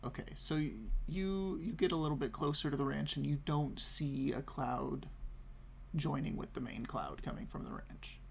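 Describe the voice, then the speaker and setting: Gravelly guy running the game, talks real slow, bit of hiss behind. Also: on the high side, animated. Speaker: game master. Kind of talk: narrating a tabletop game. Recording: faint background noise.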